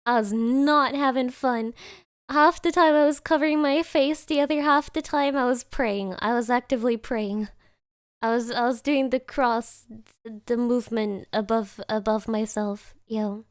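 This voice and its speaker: A woman's voice: fairly high pitch, flat delivery, normal speed, no room sound, studio quality. A young woman streaming from home, giggling and rambling as she chats casually with her live chat and reads their messages aloud.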